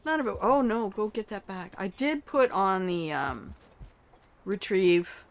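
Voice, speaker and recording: An older woman chats through her gameplay stream in a playful, self-mocking way. She talks smack at the game and banters with the people watching, her voice sitting at an everyday middle pitch. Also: very animated, takes it slowly, creaky. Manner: playful, chatty, self-mocking trash talk; talks to chat and the game character. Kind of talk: casual live-stream gameplay commentary.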